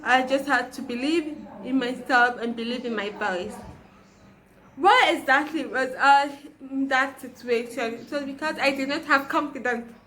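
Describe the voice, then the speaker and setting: A young woman with a childlike voice, giving an earnest motivational talk in an unhurried way. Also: sits high, fairly bright tone, slight background noise. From Nigeria. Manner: earnest, repeats herself, fillers. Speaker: motivational speaker.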